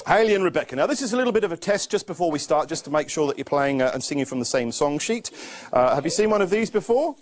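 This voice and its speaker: A children's magician talks young volunteers through his tricks in a playful, coaxing way. His voice sits a little high and swoops about with lively energy. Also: fast talker. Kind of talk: live magic show with teaching.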